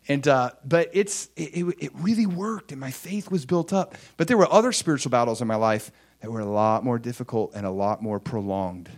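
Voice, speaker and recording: A man preaching to a congregation with a voice that sits a little high for a man. His pitch swings widely as he tells his own story. He moves between quiet, near-whispered asides and loud, excited outbursts. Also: a little fast, hardly any pauses. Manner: animated testimony, swinging from hushed whispers to excited shouts. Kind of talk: sermon.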